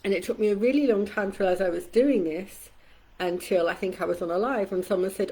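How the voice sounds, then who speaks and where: A woman's voice: fairly quick, slightly rough, poor audio. A middle-aged woman coach in a casual live-stream talk. She speaks candidly and conversationally, swears casually, and acts out quoted voices. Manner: acts out quoted voices with shifts in pitch and loudness. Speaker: community coach.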